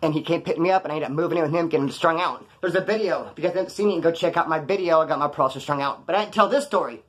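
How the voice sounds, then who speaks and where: A man's voice: a little high, racing, hardly any pauses. A man telling stories from his past to the camera in casual vlog style, full of street slang and swearing, acting out the other people in them. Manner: streetwise slang, swearing, lively acted-out quotes. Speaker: vlogger telling prison stories. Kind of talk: casual storytelling monologue.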